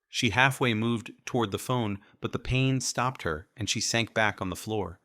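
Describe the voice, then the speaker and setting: Deep, bright-toned male audiobook narrator. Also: moderate pace, few pauses, dry recording, studio quality. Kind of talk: scripted first-person narration.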